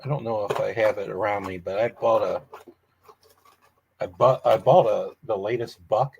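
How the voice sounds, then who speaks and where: A man's voice: on the low side, fairly even intonation, moderate pace, creaky, background noise. A man hosting a casual live chat from home, rambling and chuckling often. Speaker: livestream host.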